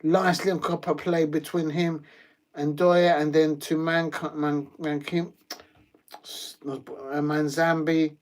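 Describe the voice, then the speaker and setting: A man hosting a live football watch-along, chatty and rambling with many fillers and sudden bursts of excitement. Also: fairly high pitch, slow pace.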